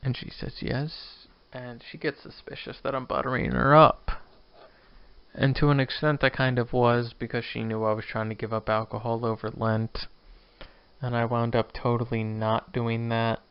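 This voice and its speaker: Tipsy rambling young man, gravelly. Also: medium pitch, flat delivery, normal speed, muffled recording. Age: 20s. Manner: rambling, self-deprecating. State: drunk. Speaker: podcast host. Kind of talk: casual solo rambling podcast.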